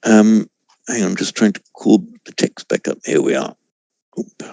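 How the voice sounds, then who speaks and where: A man teaching a Sanskrit class over a video call, explaining pronunciation in a measured way with frequent self-corrections. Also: fairly low pitch, lively intonation, vocal fry, darkish tone, no echo. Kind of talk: online class lecture.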